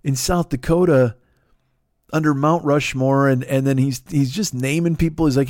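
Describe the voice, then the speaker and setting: A man's voice: mid-range voice, normal speed, no echo. Profane ranting man, dry close sound. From Chicago, USA. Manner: profane, animated, stumbling restarts. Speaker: podcast host. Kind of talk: casual ranting monologue.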